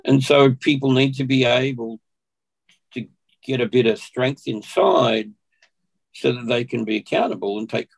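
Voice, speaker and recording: A man's voice: mid-range voice, moderate pace, vocal fry, low-quality recording. A man with an Australian accent, a podcast guest telling a personal story in conversation, acting out what people said along the way. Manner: animated storyteller who acts out what people said.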